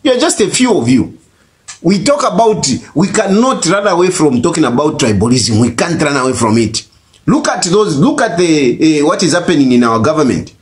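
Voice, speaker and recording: Fiery man with a high voice. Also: very animated, normal speed. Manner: emphatic, repeats phrases, rising outbursts. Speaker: host of a call-in show. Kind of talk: heated political commentary.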